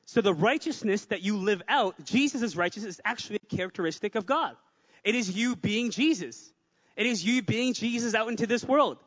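High-voiced man preaching a sermon. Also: brisk, in a large hall, highs cut off. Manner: energetic, repeats phrases for emphasis, joking asides. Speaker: pastor.

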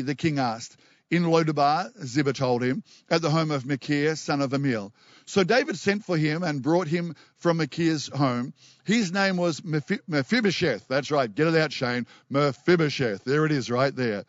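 Male pastor, fervent sermon, fairly high voice, dry dull sound. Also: no room sound. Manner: passionate preaching, reads scripture aloud, repeats words when excited.

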